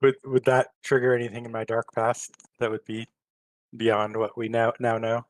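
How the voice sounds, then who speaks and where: A player in a tabletop game asking questions in a slow, halting way, repeating words as they go. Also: mid-range voice, level tone, poor audio.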